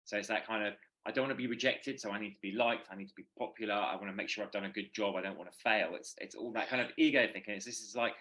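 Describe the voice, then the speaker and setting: A middle-aged man co-hosting a podcast speaks quickly in a lowish voice with a bright edge. He thinks out loud earnestly and restarts his sentences as he goes. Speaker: podcast co-host. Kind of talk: casual podcast chat.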